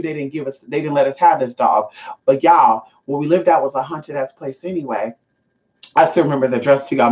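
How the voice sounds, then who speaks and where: A woman vlogger telling stories to her viewers in a casual, profane way, often calling them y'all and jumping up in pitch for emphasis. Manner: profane, chatty, keeps addressing viewers as y'all; animated, pitch jumps up for emphasis. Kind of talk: casual storytelling to camera. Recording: slightly dull lo-fi sound.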